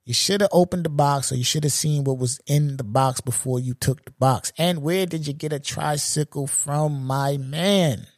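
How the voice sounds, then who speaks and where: Profane, animated man ranting on a podcast. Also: a little high, moderate pace, few pauses, no room sound, clean studio sound. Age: 40s. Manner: animated, profane, laughs at his own jokes. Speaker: podcast host. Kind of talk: solo comedic podcast rant.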